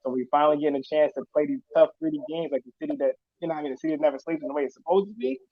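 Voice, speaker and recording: A man from Yonkers joining a casual sports chat, talking fast, emphatic and slangy. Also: on the high side, dry recording. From Yonkers, New York. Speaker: guest on a stream. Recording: tinny phone-like call.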